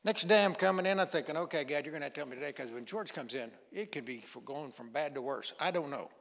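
A man's voice: a little high, lively intonation, fast talker, creaky, a bit bright. A man preaching as a guest pastor, telling a story in a folksy way and acting out the dialogue. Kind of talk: sermon storytelling. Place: church sanctuary. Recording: long hall reverb.

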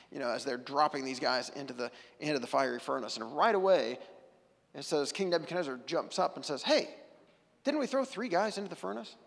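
A man's voice: medium pitch, vocal fry, long reverb tail. A male pastor giving a conversational sermon, retelling a scripture story with casual asides. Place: church sanctuary.

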